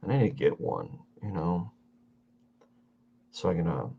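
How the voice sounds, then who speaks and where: Man, very deep voice, tired, yawning, rambling stream chat, slightly muffled lo-fi audio. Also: sing-song, vocal fry, a little hiss or hum. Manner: meandering, halting, self-talk with fillers. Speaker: artist streaming his drawing. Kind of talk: casual rambling chat while drawing.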